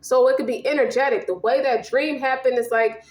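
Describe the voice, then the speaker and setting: A woman's voice: high-pitched, steady tone, fairly quick, echoey room. A woman giving a casual tarot reading, slangy and profane, rambling and emphatic. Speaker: tarot reader.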